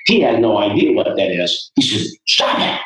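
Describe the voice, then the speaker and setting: A man, a youth basketball coach, speaking as a guest in an interview. He tells stories in an earnest, preacherly way with a low voice. The sound is roomy and echoing, a little distant from the mic. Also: sing-song, moderate pace. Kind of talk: interview storytelling.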